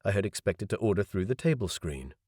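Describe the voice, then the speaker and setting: Wry low-voiced male audiobook narrator. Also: big pitch swings, a little fast, darkish tone, husky, dry recording. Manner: wry, dry asides. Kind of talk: first-person novel narration.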